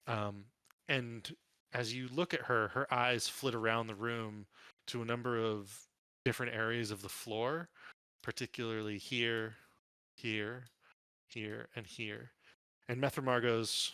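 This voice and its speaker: Bright-voiced man narrating a tabletop game. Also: medium pitch, clear, resonant tone, no echo. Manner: descriptive, with frequent ums. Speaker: dungeon master.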